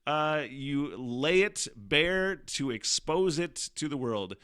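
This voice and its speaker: A man's voice: a little high, expressive, slow, a bit bright, clean tone, no room sound, clean studio sound. A man hosting his own podcast, chatting casually and profanely, laughing often as he tells a story. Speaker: podcast host. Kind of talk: casual solo chat.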